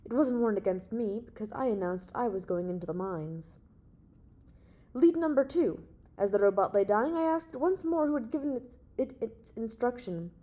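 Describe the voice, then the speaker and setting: Woman reading a young male space hero, authoritative, reasoning, persuasive, mellow tone, audiobook. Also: on the high side, lively intonation, normal speed. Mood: confident, reasoning.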